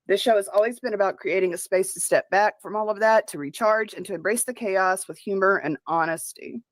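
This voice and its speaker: A woman reading a scripted statement about her show in a measured, formal way. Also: medium pitch, dry recording. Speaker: show announcer.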